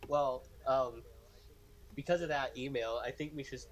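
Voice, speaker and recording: A man's voice: mid-range voice, steady tone, a little slow. A man co-hosting a casual podcast, tossing in dry, teasing quips. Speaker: podcast co-host.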